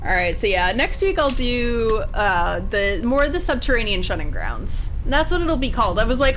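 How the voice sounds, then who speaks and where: A woman's voice: a little high, very animated, fairly quick, few pauses, noisy background. A woman from Massachusetts giving casual, rambling commentary while streaming a game. She laughs often.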